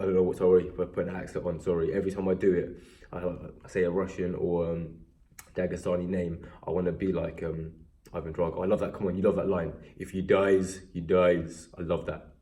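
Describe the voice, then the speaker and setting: Young English man, mellow low voice, casual rambling sports vlogger. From England. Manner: rambling, self-deprecating, animated when excited. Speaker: MMA vlogger. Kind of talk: casual recap chat.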